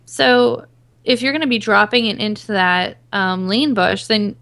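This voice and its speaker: A woman on a gaming podcast panel, calmly explaining strategy in casual chat with plenty of fillers. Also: medium pitch, a little slow, gravelly.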